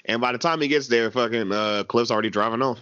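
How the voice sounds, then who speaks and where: Male co-host, lively swearing storyteller, dry muffled sound. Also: medium pitch, quick pace, clear, resonant tone, dry recording. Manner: animated storyteller, swears freely. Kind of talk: casual movie recap.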